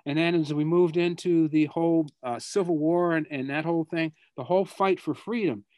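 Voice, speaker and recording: An older man with a Boston accent speaks over a video call in a fairly high, dry-sounding voice. He talks in a reflective, halting way and often repeats words while he searches for the next one. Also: steady tone, dark tone, no echo. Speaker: guest speaker. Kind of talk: answering students' questions over a video call.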